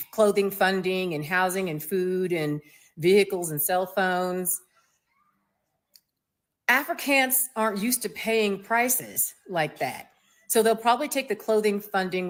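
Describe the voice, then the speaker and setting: A woman from the United States delivers an opinionated vlog monologue in a blunt, sassy manner, full of slang. Her voice sits in an ordinary middle pitch, and she drops in quick mocking asides as she talks. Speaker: vlogger.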